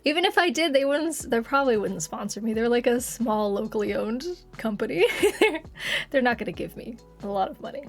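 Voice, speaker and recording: A young woman from Texas, talking casually to her stream chat and breaking into giggles often. Her voice sits a little high. Faint music plays underneath. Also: fairly quick. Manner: chatty, giggly, laughs often.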